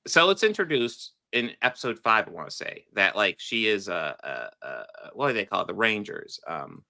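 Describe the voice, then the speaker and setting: Rambling bright-voiced man chatting. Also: fairly low pitch, big pitch swings, moderate pace, creaky. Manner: rambling, swears, laughs often. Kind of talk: casual chat.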